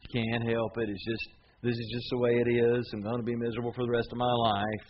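A man's voice: medium pitch, fast, dull audio, slight background noise, natural voice. A man voicing a gloomy male cynic who says nothing will improve. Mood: resigned. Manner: flat, resigned complaining.

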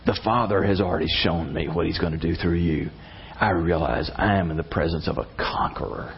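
A man voicing an angel as a solemn messenger speaking in quiet awe. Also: low-pitched, brisk, husky, lo-fi sound, voice pushed down, heavily acted. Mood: awed.

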